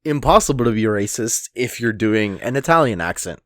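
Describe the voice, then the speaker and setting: A man's voice: fairly low pitch, lively intonation, brisk, a bit bright, no room sound, clean studio sound. A man co-hosting a fan podcast, joking around, laughing often and swearing casually. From Swiss. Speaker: podcast co-host.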